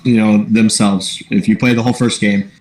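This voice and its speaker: A man's voice: on the low side, level tone, moderate pace, a little mellow. Man, podcast guest, earnest and thoughtful, casual chat, echoey room sound. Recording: roomy echo.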